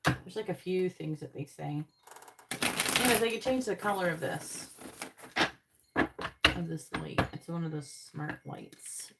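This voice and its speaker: A woman's voice: lowish voice, measured pace, vocal fry, long pauses, very noisy. A woman giving tarot readings on a live stream, chatting directly with viewers in the chat. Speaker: tarot reader.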